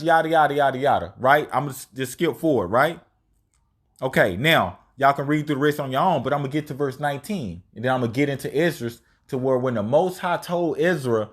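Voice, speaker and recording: A man's voice: a little high, sing-song, normal speed. A man teaching scripture informally, reading verses aloud and then paraphrasing them in casual, slangy, emphatic speech. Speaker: religious teacher.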